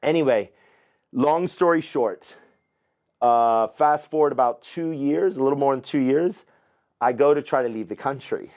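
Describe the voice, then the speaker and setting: A middle-aged man talks as a podcast guest at a mid-range pitch, neither high nor low. He tells his story casually and with energy, curses freely, and slips into the voices of the people he describes. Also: normal speed. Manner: animated, profane, acts out other people's lines.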